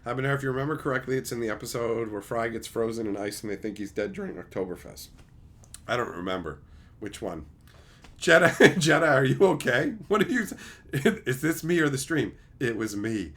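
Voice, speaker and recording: Male streamer, middle-aged, loose profane rants to chat, bright forceful voice. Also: medium pitch, fairly quick, a little hiss or hum. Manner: animated, swears often, mocks logic gaps. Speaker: livestream host reading chat. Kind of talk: casual livestream chat.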